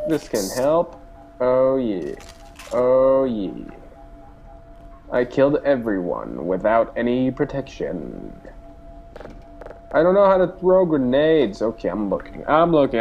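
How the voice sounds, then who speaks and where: A man's voice: mid-range voice, muffled recording. A young man giving goofy, boastful let's play commentary, whooping and cheering as he plays. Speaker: gamer. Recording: game sounds and engine noise behind.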